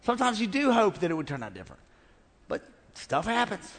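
A middle-aged man preaching a sermon as pastor, animated and calling out to his congregation. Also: high voice, a little fast. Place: large church auditorium. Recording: reverberant church hall.

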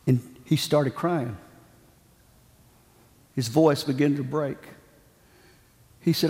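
A man's voice: on the high side, takes it slowly, pauses often, a little mellow, big-room sound. A man preaching a sermon, telling a story with dramatic, emphatic repetitions.

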